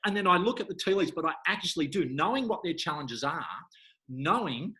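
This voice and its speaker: A man's voice: fairly high pitch, lively intonation, fairly quick, bright, forceful tone, rough recording. A man, a hypnotherapist guest, telling stories in a playful, jokey way. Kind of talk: casual chat.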